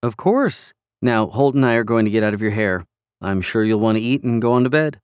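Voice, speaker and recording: A man voicing a caring woman friend who is brisk and motherly, in an audiobook. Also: lowish voice, expressive, clear, resonant tone, no room sound, studio quality, close to an everyday voice. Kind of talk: audiobook character reading.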